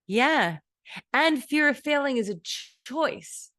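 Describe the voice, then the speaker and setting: A woman's voice: high voice, expressive, takes it slowly, a bit bright, no echo. Earnest woman giving rambling advice. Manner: earnest, rambling, acts out her own inner thoughts. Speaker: streamer giving advice, voice actor. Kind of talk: casual advice stream talk.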